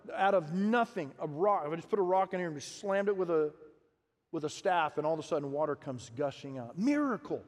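A man with a fairly high voice preaches a sermon, animated and questioning his listeners. He acts out the lines he quotes. His voice rings with the long reverb of a large hall. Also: fast talker. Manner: animated, acting out quotes and asking the congregation questions. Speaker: pastor.

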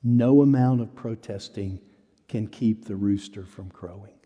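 A man preaching a sermon, telling a story with earnestness, rising high and loud on quoted denials and dropping low and soft on solemn points. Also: measured pace, big-room sound. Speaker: pastor.

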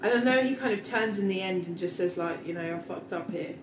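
A woman's voice: mid-range voice, fast. A woman chatting casually about films as a podcast co-host, agreeable and easygoing. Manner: agreeable, chatty, backs up her partner. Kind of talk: casual film chat. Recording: echoey room with background noise.

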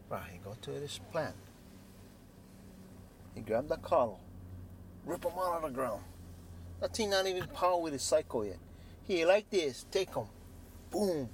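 A man's voice: a little high, unhurried, long pauses, slight background noise. A man with a Hawaiian Pidgin accent casually telling a story, acting out sounds and voices and sometimes dropping to a near whisper. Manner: animated, acts out sounds and quoted voices, drops to near-whispers.

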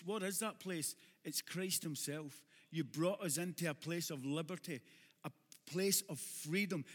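A man with a Glaswegian accent preaching a sermon to a congregation, with humorous asides that build to shouted exhortation. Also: high voice, long reverb tail. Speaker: pastor.

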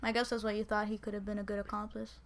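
A woman's voice: mid-range voice, level tone, rapid-fire. A woman co-hosting a podcast who retells a crime story in loose, profane casual chat and often trails off. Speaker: podcast co-host.

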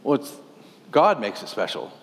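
A man's voice: mid-range voice, sing-song, normal speed, big-room sound. A man in his thirties, a pastor, preaching a sermon earnestly, posing questions and reading scripture aloud.

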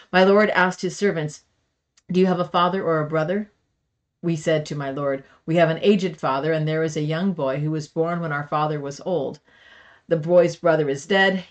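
Bible study leader reading scripture aloud, dramatic on the quotes, mid-range voice. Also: medium pitch. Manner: expressive reading with dramatic emphasis on quoted speech; breaks into casual asides.

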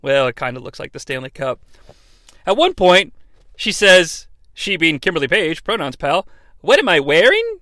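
In a comedic wrestling recap, a male podcast host talks sarcastically and profanely at a moderate pace, his high, lively voice swinging up and down a lot. His tone is bright and forward. The recording is dry and close to the mic, with no echo.

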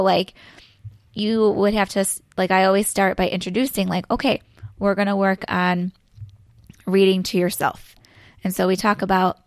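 A woman's voice: mid-range voice, vocal fry, dry recording, studio quality. Chatty woman teacher explaining. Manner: explains step by step, many fillers like "so, like". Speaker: elementary school teacher. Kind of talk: casual podcast chat.

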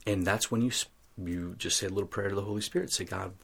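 Deep husky man telling his story. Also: fast, a bit bright. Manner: earnest storytelling, acts out quoted dialogue. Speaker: interview guest. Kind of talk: telling a personal faith story.

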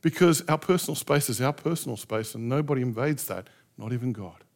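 A middle-aged pastor preaching a sermon with passion, acting out heartfelt prayers in changing voices. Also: male voice, mid-range voice, a little fast, darkish tone. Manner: impassioned, acts out prayers in shifting voices.

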